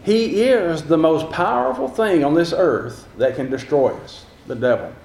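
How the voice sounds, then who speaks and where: High-voiced man preaching a sermon. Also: lively intonation, unhurried, vocal fry, a little mellow, roomy sound. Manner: earnest, repetitive rhetorical build-ups.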